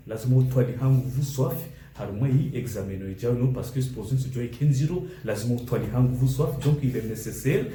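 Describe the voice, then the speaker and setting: A man teaching an English grammar lesson, switching between English, French and a local language, reading example sentences out slowly. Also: medium pitch, dark tone, roomy sound, slight background noise, poor audio.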